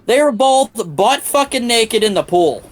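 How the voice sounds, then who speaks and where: This streamer has a very high voice and keeps a measured pace while gaming. He chats casually through a lengthy anecdote packed with swearing, acting out the people involved with different voices.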